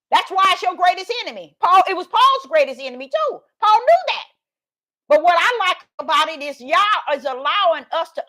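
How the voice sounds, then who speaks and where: A high-voiced woman preaches over a livestream. She reads verses aloud and keeps asking her viewers to answer, in a call-and-response way. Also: a bit bright. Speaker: online preacher. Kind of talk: livestream Bible teaching.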